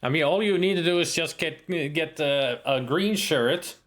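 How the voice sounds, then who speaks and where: A man with a fairly high voice plays a retro adventure game on stream at a moderate pace. He keeps up chatty, jokey, animated let's-play talk.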